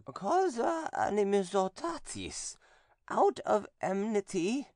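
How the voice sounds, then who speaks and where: A possessed nun's halting falsetto. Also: male voice, very animated, darkish tone, no echo, studio quality, full character voice. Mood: halting, eerie. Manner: slow, halting, drawn-out answers. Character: possessed nun, demon answering through her.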